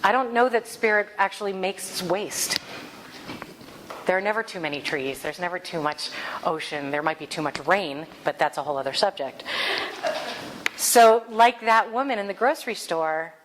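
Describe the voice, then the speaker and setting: Woman minister, lower voice, lively storytelling sermon with faint room noise. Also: normal speed. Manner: animated storytelling, acts out quoted voices.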